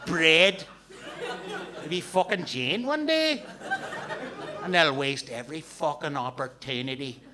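A man's voice: a little high, animated, takes it slowly, long pauses, music in the background. A man from Canada doing a rambling, sweary, self-mocking live stand-up set on a comedy club stage, recorded on a handheld mic.

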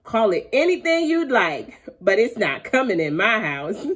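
A woman's voice: medium pitch, sing-song, measured pace, husky. A woman voicing a firm, no-nonsense farm mother in a storybook read-aloud.

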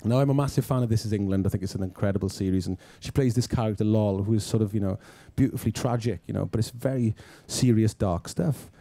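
A man's voice: lowish voice, fast, few pauses, dry recording. A man from Wales, a film director being interviewed, who tells stories and acts out the dialogue in them. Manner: animated storyteller who acts out quoted dialogue. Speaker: film writer-director, guest. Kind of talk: anecdotal interview storytelling.

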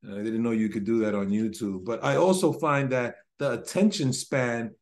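Rambling, excited man on a call. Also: medium pitch, normal speed. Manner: rambling and enthusiastic, self-correcting. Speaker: symposium participant. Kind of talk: casual discussion on a video call.

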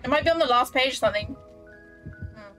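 A woman's voice: high voice, fast, a bit bright, soft background music. A woman streamer chatting casually with her viewers while she plays, often giggling and flustered. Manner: giggly, flustered, talks to chat. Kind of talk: casual live-stream chat while gaming.

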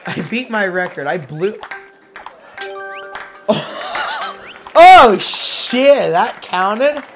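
Young guy cursing at his own game, talks slow, game music blaring behind him. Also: on the high side. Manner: exasperated, swears often, groans and laughs at his misses. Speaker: gaming video creator. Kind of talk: casual gameplay commentary. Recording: game music playing loudly under the voice.

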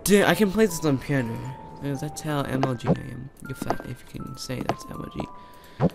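A young man doing let's play commentary on a horror game, excitable, chatting to the characters and yelling when startled. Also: medium pitch, fairly quick, gravelly, over loud music. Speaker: gamer.

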